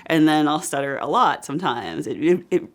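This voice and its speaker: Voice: medium pitch, expressive, a little fast, a bit bright. A person in a documentary interview, speaking casually with a stutter and small laughs.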